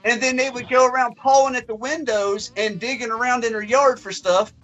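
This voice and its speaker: A man's voice: very high voice, brisk, highs cut off, soft background music. A young man, a podcast co-host telling a long story in casual chat and acting out the voices. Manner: animated, acts out voices in his stories.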